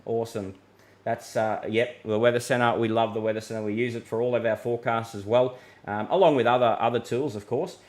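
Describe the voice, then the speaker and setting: A man's voice: mid-range voice, steady tone, brisk, a little mellow. Chatty Australian man hosting live. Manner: chatty and matey, reads viewer comments aloud, laughs easily. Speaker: weather forecaster hosting a live stream. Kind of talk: casual live-stream chat.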